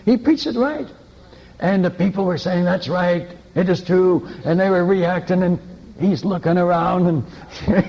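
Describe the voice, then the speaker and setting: A man preaching as a missionary, telling stories in an animated way, chuckling and restarting often. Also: mid-range voice, dull audio, slight background noise. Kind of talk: anecdotal sermon storytelling.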